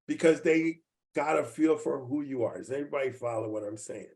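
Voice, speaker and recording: A man in his seventies speaks a little quickly in a gravelly yet slightly mellow mid-range voice. He's running a team training over video, folksy and prone to repeating points, frequently checking that his audience keeps up.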